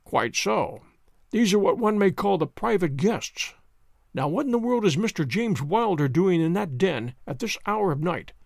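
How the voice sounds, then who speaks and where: A man voicing a cool, shrewd male detective who speaks in a calm, measured, wry way in a storybook reading. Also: high voice, vocal fry, no echo, studio quality.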